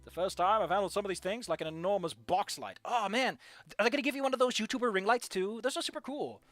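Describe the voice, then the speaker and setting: A streamer reading a visual novel aloud and commenting along with it, with animated, jokey reactions and loud squeals. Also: medium pitch, fast talker, faint music behind.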